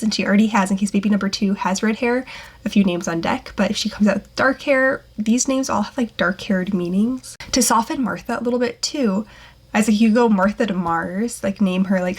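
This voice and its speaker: A young woman talks through baby name ideas in a casual, upbeat vlog. Her delivery is chatty and loose, full of little fillers, at a middle pitch for a woman. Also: breathy edge. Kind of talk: casual talking-head vlog.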